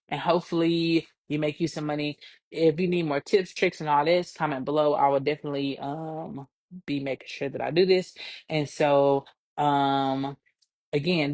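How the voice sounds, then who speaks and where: Energetic woman coaching small businesses. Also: deep voice, dry recording. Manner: lively, emphatic, repeats points for stress. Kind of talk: casual live-stream business tips.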